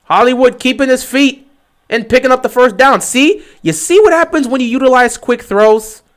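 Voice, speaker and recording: A man giving excitable fan play-by-play commentary on a livestream, talking straight to his team. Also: extremely high pitch, normal speed.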